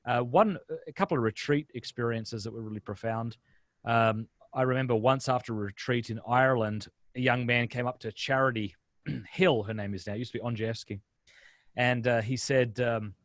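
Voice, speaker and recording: A man, a guest speaker on a video-call webinar, telling stories in a lively, casual way with quick restarts. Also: mid-range voice, dry recording, clean studio sound. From Australia. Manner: lively storyteller, frequent restarts. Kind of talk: casual interview chat.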